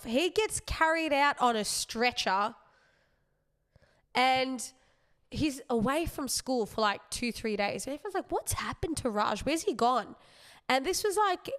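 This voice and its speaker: A young woman, a comedian hosting her podcast, telling a story in a rambling, animated way with self-aware asides. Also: sits high, clean tone. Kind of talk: casual comic storytelling.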